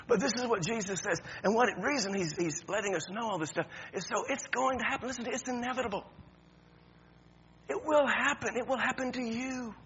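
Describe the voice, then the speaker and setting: A pastor preaches to his congregation in a conversational way, stumbling over restarts before breaking into emphatic high points. His voice is a bit bright, the highs are cut off, and there's slight background noise.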